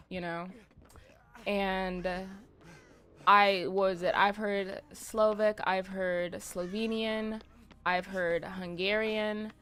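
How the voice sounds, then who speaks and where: A young adult woman streaming a game, chatting casually with her viewers in animated, profane, slangy banter. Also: medium pitch, clean tone. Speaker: gaming streamer. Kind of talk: casual livestream chat while gaming.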